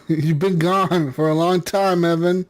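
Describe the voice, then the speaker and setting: A man with a notably high speaking voice hosts a casual gaming podcast. He jokes around, laughs often and swears freely, keeping the chat loose. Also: steady tone, slow. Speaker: podcast host.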